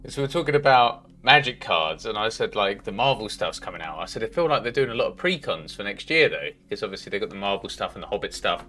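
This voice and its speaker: Man, livestreamer, rambling sweary chat, lowish pitch, bright forceful tone, faint game music behind. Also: very animated, quick pace, few pauses. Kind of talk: casual chat while gaming.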